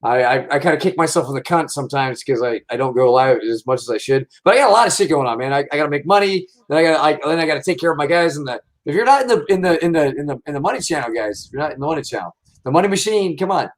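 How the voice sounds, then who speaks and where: Male livestream host, slightly high voice, excitable, rambling, heavy profanity. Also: racing. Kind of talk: casual livestream chat.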